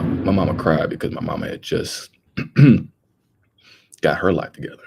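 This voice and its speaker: A man's voice: a bass voice, fairly even intonation, moderate pace, vocal fry, long pauses, slight background noise. A young man, hosting a casual livestream and talking earnestly and rambling to his viewers. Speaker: livestream host.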